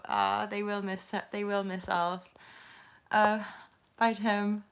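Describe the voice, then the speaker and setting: A woman's voice: medium pitch, fairly even intonation, normal speed, fairly bright tone. A woman hosting a live tarot stream, chatting loosely with her viewers and laughing often.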